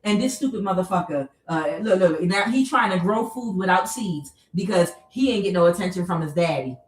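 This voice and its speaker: A woman giving a casual tarot reading, blunt and profane, breaking into joking, animated rants. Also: medium pitch, far from the mic. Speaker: tarot reader. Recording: echoey room, voice away from the mic.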